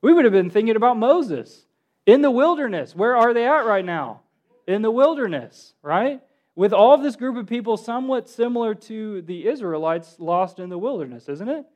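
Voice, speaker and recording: A man preaching a sermon, animated, asking his listeners questions and acting out the quotes he reads. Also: sits high, normal speed, muffled recording. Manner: animated, asks the congregation questions, acts out quotes.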